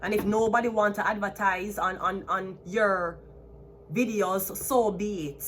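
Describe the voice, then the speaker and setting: A woman's voice: medium pitch, fairly even intonation, measured pace, slight background noise. A Jamaican woman in her thirties, a tarot reader talking to camera in a defiant, profanity-heavy style that slips between patois and English. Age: 30s. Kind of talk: ranting to camera.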